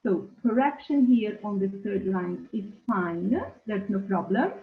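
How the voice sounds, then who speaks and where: Slow-talking woman on an echoey call line. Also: mid-range voice, expressive, gravelly. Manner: slow, questioning, reads out learners' answers. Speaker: teacher trainer. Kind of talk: webinar lecture. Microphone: video call. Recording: echoey, tinny video call.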